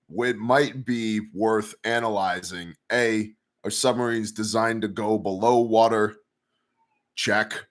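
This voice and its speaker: A man's voice: lowish voice, slow pace. A man hosting a casual news commentary show, rambling through hypotheticals in a sarcastic tone. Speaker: host.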